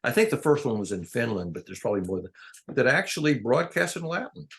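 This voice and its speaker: A man's voice: mid-range voice, big pitch swings, fast talker. An older man in a casual, rambling chat, drifting between topics and chuckling often. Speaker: conversation partner.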